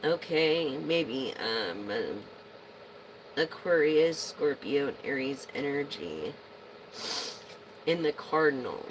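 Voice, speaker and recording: A woman's voice: low-pitched, animated, slow, pauses often, background noise. A woman reading tarot to her viewers in a rambling, casual way, swearing freely as she vents. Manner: rambling, profane venting. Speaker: tarot reader.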